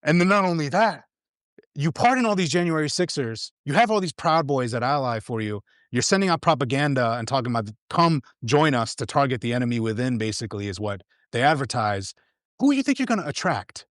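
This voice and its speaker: A man's voice: medium pitch, big pitch swings, brisk, a bit bright, no echo, clean studio sound. A man talking as a guest commentator in a casual, heated political chat, slangy and emphatic, stumbling over restarts.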